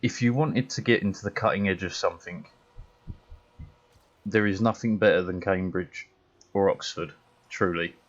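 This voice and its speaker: British male streamer, very low voice, blunt and sweary, dull lo-fi mic sound. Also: normal speed, pauses often. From Britain. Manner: blunt, sweary, laughs often. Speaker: game streamer. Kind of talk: casual chat while gaming.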